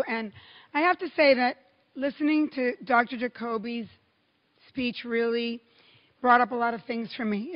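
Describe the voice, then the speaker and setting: A middle-aged woman from Cuba giving a keynote speech to a conference audience, telling stories with lively, emphatic pauses. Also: a little high, dull audio. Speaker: keynote speaker. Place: large hall. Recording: long hall reverb.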